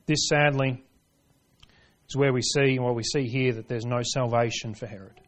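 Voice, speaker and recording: A man preaching a sermon, reading scripture aloud and driving points home, swinging between hushed lines and forceful ones. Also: mid-range voice, steady tone, normal speed. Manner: reads scripture aloud in King James wording.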